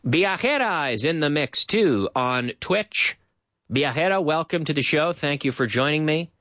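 A man's voice: fairly high pitch, very animated, moderate pace, a bit bright, dry recording, studio quality. A man teaching English in a live-streamed lesson, repeating phrases to drill them and switching between English and Spanish.

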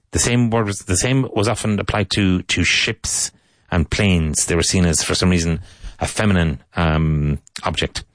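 An Irish man teaching English, repeating each phrase slowly and clearly for learners in a relaxed lesson monologue. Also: deep voice, dry recording. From Ireland.

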